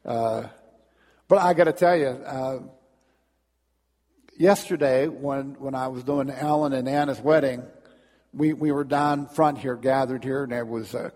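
A man's voice: mid-range voice, steady tone, a little slow, long pauses, darkish tone. A man, a pastor, preaching a sermon in a conversational, storytelling way with fillers, in a church. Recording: long reverb in a church.

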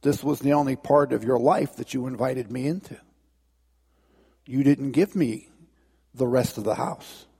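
A man voicing a calm, gentle Jesus who speaks softly and low, within a preached story. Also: slow, vocal fry, pauses often, breathy edge, long reverb tail, full character voice. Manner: soft-spoken, low and calm. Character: calm, gentle male Jesus, quiet and assured.

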